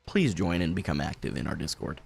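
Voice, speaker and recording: Male streamer, young adult, low-pitched, sincere encouraging delivery over faint background music. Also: very animated, fairly quick, creaky, darkish tone, husky. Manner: earnest, encouraging community pitch. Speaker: gaming streamer. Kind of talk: casual live-stream chat.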